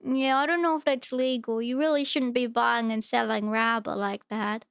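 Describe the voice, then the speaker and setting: A woman's voice: on the high side, fairly even intonation, normal speed, creaky, clean tone, no echo, clean studio sound. A young woman streaming, chatting casually and gushing over cute animal videos. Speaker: VTuber streamer.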